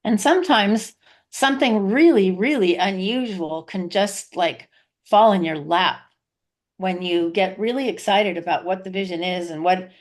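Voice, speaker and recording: A woman's voice: medium pitch, measured pace. A woman taking part in a casual group discussion, speaking loosely and with enthusiasm. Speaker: discussion participant.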